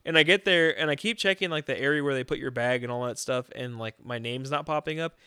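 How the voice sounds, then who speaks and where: A young man in casual chat, telling profane, animated stories with laughs. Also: mid-range voice, fast, clean tone, dry recording, clean studio sound.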